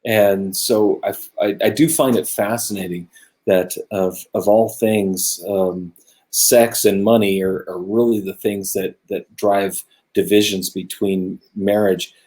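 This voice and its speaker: Earnest lower-voiced man musing over scripture. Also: unhurried. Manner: earnest, musing, grows animated when making a point. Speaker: co-host of a religious discussion show. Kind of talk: casual Bible study discussion. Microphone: own camera close by, video stream.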